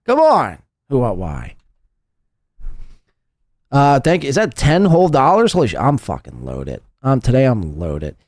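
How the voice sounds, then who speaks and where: A man's voice: mid-range voice, huge pitch swings, unhurried, pauses often, a little mellow, no room sound, clean studio sound. A man hosting a live podcast, mocking and profane in casual commentary. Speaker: podcast host.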